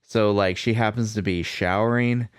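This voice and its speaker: A man co-hosting a podcast, calmly explaining a film's plot in casual chat. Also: lowish voice, moderate pace, clear, resonant tone, dry recording, clean studio sound. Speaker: podcast co-host. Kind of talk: casual movie recap chat.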